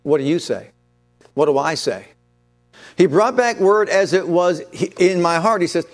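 A man preaching a sermon, reading scripture slowly and solemnly, then speeding up to press his points with urgency. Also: high-pitched, lively intonation, faint music behind. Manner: emphatic, swings between slow solemn reading and fast urgent preaching.

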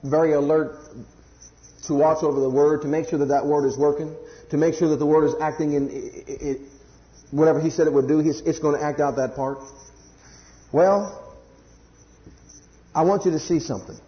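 A man preaching a sermon to a congregation, swinging from loud high emphasis to hushed low scripture quotes and sometimes stumbling over words. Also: steady tone, moderate pace, long pauses, reverberant, highs cut off. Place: church congregation.

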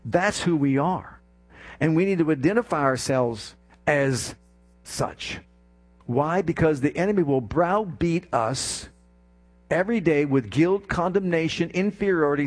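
A male preacher delivering a passionate sermon, swinging from soft, intimate passages to rising exclamations and calling on the congregation to respond. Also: a little high.

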